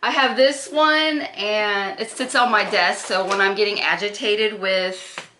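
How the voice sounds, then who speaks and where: A woman's voice: mid-range voice, unhurried, sharp tone, slight background noise. A woman doing a casual makeup unboxing, chatty and gushing, with gasps and self-corrections. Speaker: beauty vlogger. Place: echoey room. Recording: roomy echo.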